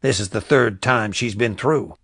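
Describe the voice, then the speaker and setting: A man voicing a gruff, officious small-town sheriff. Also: on the low side, a little slow, a bit bright, no room sound, studio quality, exaggerated voice. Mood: irritated.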